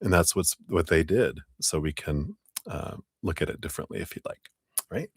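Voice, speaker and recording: A man giving a relaxed, chatty tarot reading on a live stream, thanking donors and using spiritual wording. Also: rumbling low, normal speed, slightly rough, dry recording, studio quality. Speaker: tarot reader. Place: home.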